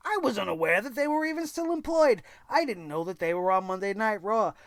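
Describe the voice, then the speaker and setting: A wrestling recap host speaks at a middle pitch in a dry, close sound. The voice is sarcastic and exasperated. It swears freely and keeps firing off incredulous rhetorical questions. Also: lively intonation, a little fast, a bit bright, no echo. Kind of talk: ranting wrestling recap commentary.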